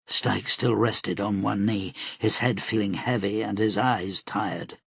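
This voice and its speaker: A male audiobook narrator reading in a slow, steady, dramatic way. His voice is gravelly and husky, and the recording sounds dry and close. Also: fairly low pitch, dry recording. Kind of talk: scripted narration.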